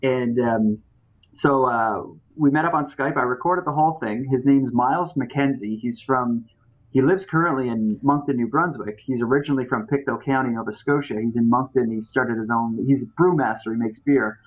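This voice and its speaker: A man's voice: mid-range voice, normal speed. A man hosting a podcast, telling a story in a loose, chatty way with many fillers and restarts. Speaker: podcast host. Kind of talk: casual storytelling. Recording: tinny phone-like audio.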